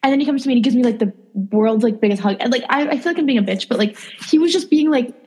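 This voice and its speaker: A young woman co-hosting a podcast, telling dating stories in a casual, animated way, acting out quotes and saying "like" a lot. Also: fairly high pitch, rapid-fire, slightly rough. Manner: animated, acts out quotes, lots of "like". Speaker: podcast co-host. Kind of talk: casual storytelling chat.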